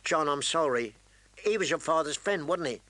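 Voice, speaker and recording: A man's voice: a little high, lively intonation, normal speed, bright, forceful tone, no echo. A man doing a curious, eager young recruit.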